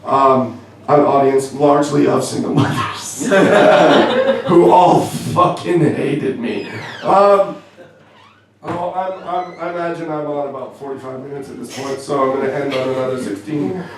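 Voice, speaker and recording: A young man with a Canadian accent works through a stand-up set, dry and self-mocking, his delivery full of little halts and restarts. His voice sits a touch high for a man. It comes from a distance in an echoey club, with faint room noise around it. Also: steady tone. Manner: wry, self-deprecating, halting with many fillers. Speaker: stand-up comedian. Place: comedy club.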